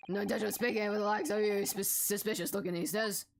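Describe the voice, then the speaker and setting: A woman's voice: medium pitch, fairly even intonation, quick pace, creaky, a little hiss or hum, lightly acted. A woman voicing a hostile, blustering older male prison governor, reading game dialogue aloud. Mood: dismissive. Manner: growling, threatening, blunt.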